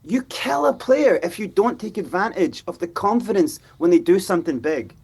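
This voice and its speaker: Animated man with a husky voice. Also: high voice, moderate pace. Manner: animated, acts out players' voices. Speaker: fan pundit. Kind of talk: football fan show discussion.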